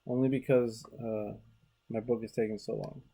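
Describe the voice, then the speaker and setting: An artist chatting casually while drawing, relaxed and rambling, with frequent swearing and trailing restarts. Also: mid-range voice, normal speed, husky. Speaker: artist hosting a drawing video.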